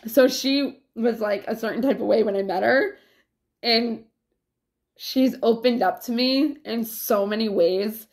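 Gravelly-voiced woman rambling casually. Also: a little high, unhurried. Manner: rambling, frequent swearing and fillers. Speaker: vlogger. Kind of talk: casual confessional chat.

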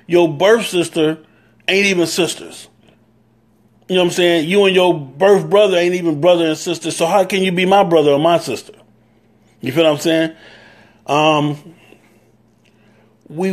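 A man with a Southern US accent giving a live-stream talk, preaching on brotherhood and greeting viewers by name as he goes. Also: a little high. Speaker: motorcycle club leader.

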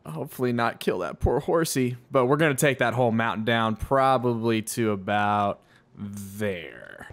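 A man's voice: fairly low pitch, animated, normal speed, fairly bright tone. A man casually commenting on his own gameplay, chatting to himself and to the animals in the game. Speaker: gaming channel host. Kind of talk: casual let's-play commentary.

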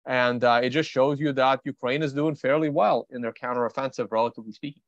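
A man's voice: mid-range voice, fairly even intonation, fast talker, no echo. A man from Russia hosting a casual livestream of market commentary, rambling and thinking aloud in a blunt, offhand way. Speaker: trader and show host. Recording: dry, slightly dull recording.

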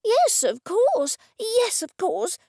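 A woman voicing a nervous, eccentric female artist who blurts out her lines high and loud. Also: animated, slow, creaky, no echo, clean studio sound, full character voice. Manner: high, loud, jittery outbursts.

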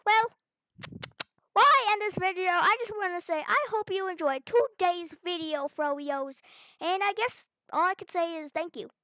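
A woman's voice: extremely high pitch, moderate pace, a bit bright, no echo. A woman host chatting casually over her gameplay, chatty and playful with squeals and giggles. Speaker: gaming channel host. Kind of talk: casual game commentary.

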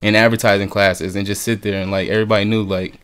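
Chill young guy, low smooth voice, laughs a lot, swears casually. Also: level tone, fast, a bit bright. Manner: laid-back, laughs often, swears casually. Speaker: podcast guest, artist. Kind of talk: casual chat.

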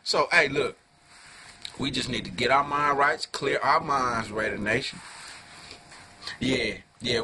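A man giving a heated fan rant to camera, full of profanity and street slang, dropping low then flaring into loud outbursts. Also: background noise. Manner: profane slangy talk, keeps calling listeners "dog"; swings from low muttering to loud angry outbursts. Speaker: fan video reviewer.

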